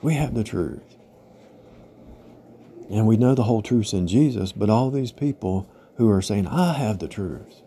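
Guy with a low mellow voice rambling thru a spiritual talk, keeps saying right? you know? faint hiss behind. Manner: rambling, repetitive, parable-style with frequent "right?" and "you know?". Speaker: religious teacher. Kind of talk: informal spiritual teaching monologue.

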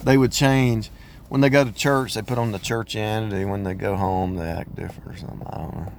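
A man's voice: lowish voice, fairly even intonation, brisk. A married man in a rambling casual monologue about faith, restarting often and repeating phrases in a preaching cadence. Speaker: married believer speaking on faith. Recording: outdoor street and car noise.

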